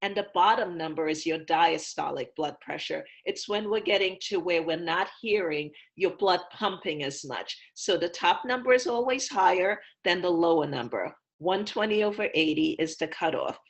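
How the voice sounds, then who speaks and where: A woman physician on a video call, explaining health advice in a clear, patient, teacherly way. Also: lowish voice, expressive, moderate pace, hardly any pauses. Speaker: physician guest.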